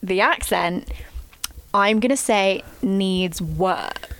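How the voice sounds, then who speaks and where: A woman's voice: mid-range voice, drawn-out words, fairly bright tone, a little hiss or hum. A young British woman co-hosting a podcast, chatting casually with a dry, teasing wit. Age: young adult. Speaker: podcast co-host. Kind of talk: casual chat.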